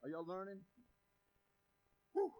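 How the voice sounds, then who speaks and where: A man preaching a sermon in a lively, conversational way, with sudden loud and quiet turns. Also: sits high, slow pace, dry recording, muffled recording. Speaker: pastor.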